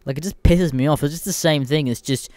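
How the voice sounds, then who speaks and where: A man's voice: fairly high pitch, quick pace, darkish tone, no room sound. A man with an Australian accent hosting a podcast, telling stories in a blunt, irreverent way and swearing constantly. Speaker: podcast host. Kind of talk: casual ranting storytelling.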